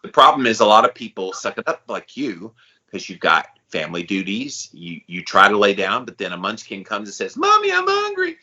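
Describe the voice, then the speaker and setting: A man co-hosting a podcast, talking in a relaxed, candid, slangy way in casual chat. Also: fairly low pitch, fairly quick, husky, highs cut off. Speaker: podcast co-host.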